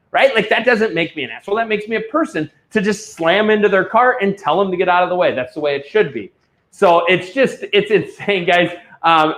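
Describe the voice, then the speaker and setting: A man's voice: sits high, fairly bright tone. Ranting man hosting a live auction. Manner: rambling, ranting storyteller who swears freely. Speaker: livestream auction host. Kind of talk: casual livestream chat and product pitch.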